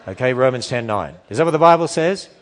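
A man giving a sermon-style talk to a church audience, emphatic and animated, firing off rhetorical questions and acting out the objections people raise. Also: mid-range voice, fast. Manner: acts out quoted objections in shifting voices; emphatic, repetitive build-ups. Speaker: Christian speaker addressing a church audience.

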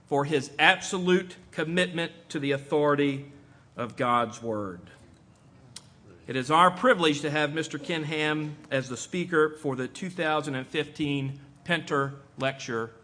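A man reading a formal introduction of a guest speaker in a measured way. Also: fairly high pitch, pushed and bright.

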